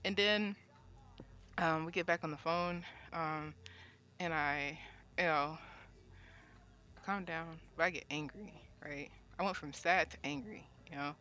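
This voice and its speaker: A woman's voice: sits low, measured pace, pauses often, pushed and bright. A woman telling an emotional story in a casual, rambling way, full of fillers and repeated words, and swearing freely. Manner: rambling, many fillers, repeats herself when upset. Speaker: cast member sharing her side.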